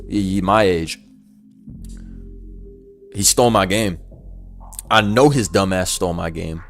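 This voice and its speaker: A young man telling a story casually, animated and swearing, acting out voices. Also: fairly low pitch.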